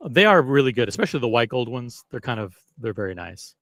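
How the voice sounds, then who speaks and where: A man's voice: mid-range voice, sing-song, fast talker, a bit bright, dry recording. Male livestream host, casual and rambling, self-mocking, dry close sound. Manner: rambling, self-deprecating, chatty with viewers. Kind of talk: casual live-stream chat.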